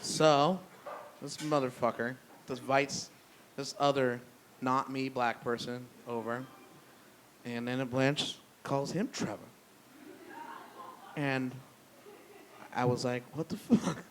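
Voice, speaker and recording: A man's voice: mid-range voice, flat delivery, takes it slowly, pauses often, a bit bright, slight background noise. A young man doing stand-up comedy at a live brewery show, telling loose, profane, self-deprecating stories with lots of restarts. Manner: loose, rambling delivery with restarts.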